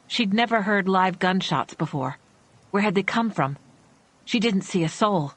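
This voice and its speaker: A woman narrating a suspense thriller audiobook in a measured, tense storytelling manner. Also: medium pitch, lively intonation.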